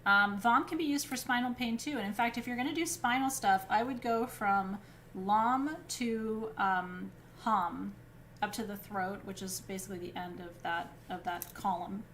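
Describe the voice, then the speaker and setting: A spiritual teacher leads a live class on crystals and chakras in an informal, chatty way, filling pauses with "um," checking in with "right?", and laughing easily between points. Her mid-range voice is a bit bright, with slight background noise.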